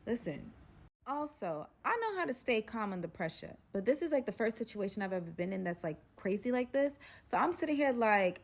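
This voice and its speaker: Animated young woman telling a story. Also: on the high side, moderate pace. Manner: dramatic, animated retelling with loud bursts. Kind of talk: storytime vlog.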